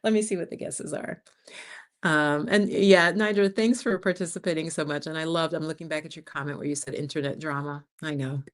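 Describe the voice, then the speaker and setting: A woman over fifty from the United States, hosting a casual livestream and chatting with viewers, telling stories with lively acted-out quotes. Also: low-pitched, a little fast. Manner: animated storyteller, acts out other people's lines. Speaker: livestream host. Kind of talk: casual live-chat talk to viewers.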